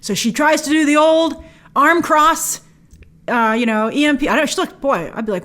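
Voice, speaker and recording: A woman's voice: high-pitched, moderate pace, fairly bright tone. A woman hosting a movie trailer breakdown, talking with wry, joking asides. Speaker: movie trailer reviewer host.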